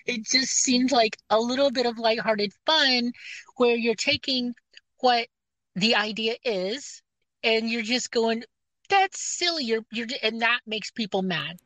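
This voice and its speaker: A woman talks as a guest in a casual podcast conversation. Her voice sits a little high, and she is agreeable and quick to laugh. The recording is dry and close. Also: fairly even intonation, no echo, poor audio. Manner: warm, agreeable, laughs easily.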